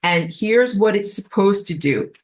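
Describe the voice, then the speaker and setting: Woman teaching with animated asides. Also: medium pitch, measured pace. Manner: animated, acts out quoted voices, frequent "like". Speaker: spiritual teacher. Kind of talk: spoken class lecture.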